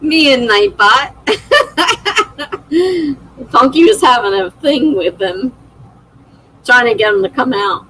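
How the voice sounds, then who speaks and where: A woman's voice: a little high, animated, a little slow, fairly bright tone, slightly rough, low-quality recording. A middle-aged woman hosting a livestream, chatting casually and laughing often as she reads viewer comments aloud. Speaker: livestream host.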